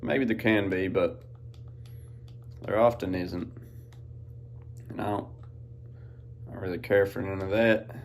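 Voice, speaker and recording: A man's voice: low voice, fairly even intonation, unhurried, long pauses, slight background noise. Laid-back man rambling. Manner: laid-back rambling with Southern-style slang. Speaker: podcast host. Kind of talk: casual monologue. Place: outdoors in farm fields.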